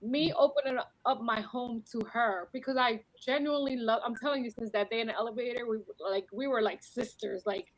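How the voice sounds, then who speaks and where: A woman speaking emotionally and warmly on a podcast, repeating herself as she talks. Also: on the high side, fairly quick, few pauses, no room sound, poor audio. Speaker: podcast guest. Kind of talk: heartfelt casual chat.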